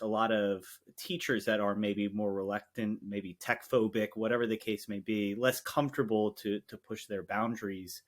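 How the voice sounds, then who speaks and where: A man's voice: lowish voice, fairly bright tone. A man hosting an education podcast who asks long, rambling questions full of fillers. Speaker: podcast host. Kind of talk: casual podcast conversation.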